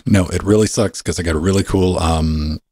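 A man hosting a podcast in casual, profane, rambling banter, his pitch sometimes leaping up suddenly. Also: fairly even intonation, brisk, mellow, dry recording, studio quality. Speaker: podcast host.

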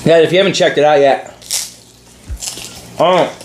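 A man's voice: fairly high pitch, steady tone, a little slow, noisy background. A man hosting a challenge channel, chatting casually in a laid-back, rambling way with lots of fillers. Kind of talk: casual chat. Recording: echoey room.

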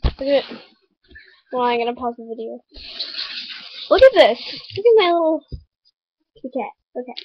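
Giggly high-voiced woman vlogger. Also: lively intonation, brisk, pauses often, slightly rough, dry recording, highs cut off. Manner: giggly, breaks into frequent laughter. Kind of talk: casual reaction commentary. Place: at home on a laptop. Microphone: laptop mic.

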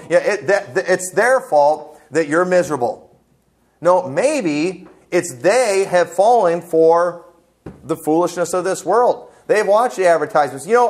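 A man preaching a fervent, blunt sermon as pastor, quoting scripture with asides to the congregation. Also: high-pitched. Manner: quotes scripture. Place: church sanctuary.

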